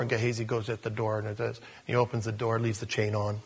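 A man preaching a sermon in an animated storytelling style, acting out the scenes he tells. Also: lowish voice, fast talker, husky, big-room sound.

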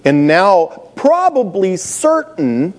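A man's voice: high voice, very animated, takes it slowly. A middle-aged man preaching a sermon, telling stories with humor and laughing at his own jokes. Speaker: pastor.

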